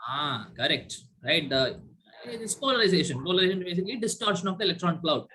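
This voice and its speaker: A man's voice: high-pitched, animated, quick pace, bright, forceful tone, slight background noise. A male chemistry teacher giving an online class, quizzing students and tagging his points with "right?". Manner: quizzes students, frequent "right?" tag questions. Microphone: video call.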